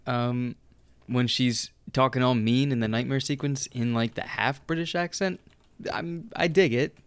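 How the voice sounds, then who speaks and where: A man's voice: mid-range voice, unhurried, smooth, no echo. A man casually discussing movies on a podcast, laid-back and hedging his opinions.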